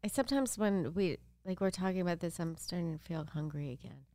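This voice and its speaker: A woman's voice: on the low side, fairly quick, mellow, no room sound. Woman, podcast guest, chatty, dry close recording. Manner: chatty, laughs often. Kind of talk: casual chat.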